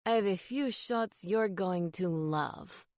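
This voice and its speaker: A woman voicing a charming male paparazzo with a thick French accent, smooth and teasing. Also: medium pitch, slow, darkish tone, no echo, studio quality, close to an everyday voice. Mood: smooth, sly.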